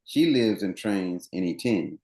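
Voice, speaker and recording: A man's voice: low voice, lively intonation, measured pace, mellow, reverberant. A man running coach, interviewed as a guest on a podcast, explaining things earnestly at length with many restarts.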